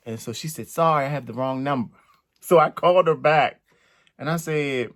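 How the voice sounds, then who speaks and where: A man's voice: on the high side, moderate pace, fairly bright tone. Playful chatty man co-host. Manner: playful, chatty, teasing asides, laughing. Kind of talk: storytime chat.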